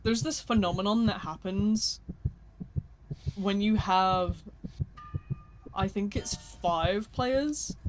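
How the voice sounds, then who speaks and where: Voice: mid-range voice, slow pace, pauses often, background noise. A gaming livestreamer in casual, rambling chat, sleepy and yawning, slangy and self-mocking.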